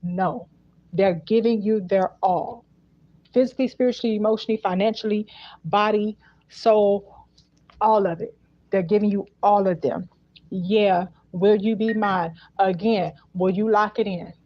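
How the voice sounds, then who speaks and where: In a dull, dry, lo-fi recording without echo, a woman with a steady mid-range voice delivers a casual spiritual message at a moderate pace. She talks colloquially, emphatically repeating herself as she works through each phrase.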